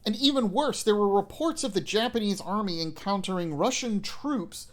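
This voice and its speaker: A man hosting a history strategy gaming channel, talking in a lively, chatty and self-mocking way. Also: sits high, moderate pace. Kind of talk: scripted gameplay commentary.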